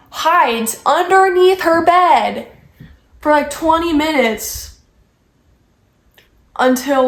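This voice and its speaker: A young woman vlogger telling a story in casual chat, rambling and filling every pause with "like". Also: fairly high pitch. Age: young adult. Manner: rambling, heavy use of "like". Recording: echoey room.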